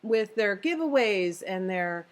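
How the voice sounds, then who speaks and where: A woman co-hosting a casual podcast chat. She rambles happily, with plenty of ums and likes and the odd giggle, her pitch sitting in the middle range for a woman. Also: takes it slowly. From San Diego, US. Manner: chatty, animated, lots of fillers and giggles. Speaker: podcast co-host.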